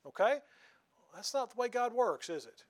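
A man's voice: extremely high pitch, big pitch swings, normal speed. A man preaching a sermon in a folksy, conversational way, often asking the congregation questions.

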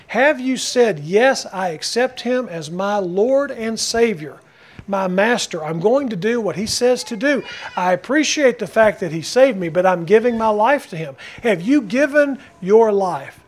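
A male pastor preaching a sermon, emphatic and repetitive, putting direct questions to the congregation. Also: sits high. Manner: emphatic, repeating key phrases, asks the congregation questions.

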